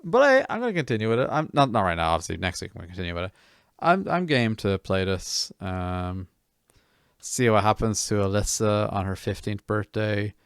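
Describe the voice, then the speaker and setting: A man's voice: lowish voice, big pitch swings, a little fast, clear, resonant tone, no echo, clean studio sound. A man streaming a game, chatting casually with viewers in a rambling, self-mocking way full of restarts.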